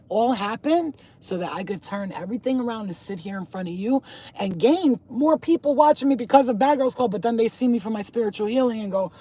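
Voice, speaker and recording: Husky, blunt, foul-mouthed woman vlogger. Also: mid-range voice, mellow. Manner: blunt, profane and emphatic; talks straight to the camera, addressing viewers. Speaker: spiritual healer and reader. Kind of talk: casual vlog talk to viewers.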